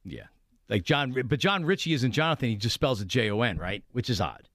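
A man hosts a sports call-in show in a mid-pitched voice that moves freely up and down. He talks easily and tells stories, and the studio sound is dry and close. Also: big pitch swings, brisk, fairly bright tone, no room sound. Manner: takes callers, tells stories. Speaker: sports radio host. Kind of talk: casual sports talk.

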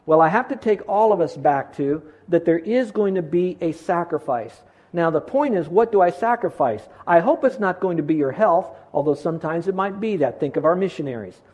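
A man preaching a sermon as pastor, earnest and measured, slowing down to stress key lines. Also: a little high, expressive, darkish tone. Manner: earnest, preacherly, slows down for emphasis.

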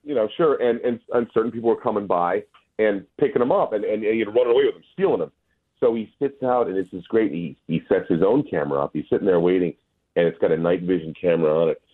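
A man's voice: fairly low pitch, fast talker, breathy edge. A male guest on a phone interview, talking in a rambling, hesitant way with many restarts. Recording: tinny phone line.

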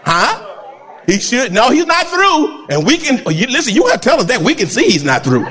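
A male pastor delivers a sermon in a high voice with wide, lively swings of pitch. He acts out other people's voices and breaks into sudden shouts. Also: normal speed, some chatter behind.

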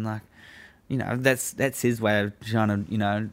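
A low-voiced man swears his way through a casual story, laughing often. His delivery gets animated as he recounts what happened. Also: measured pace. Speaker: guest telling a prison story. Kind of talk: casual chat.

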